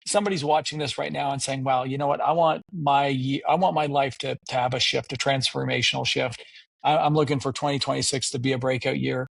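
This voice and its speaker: Male podcast host, gravelly, dry close sound, eager interviewer who restarts his phrases. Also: mid-range voice, fairly even intonation, brisk, dry recording. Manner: enthusiastic, repeats words when starting sentences. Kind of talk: casual interview.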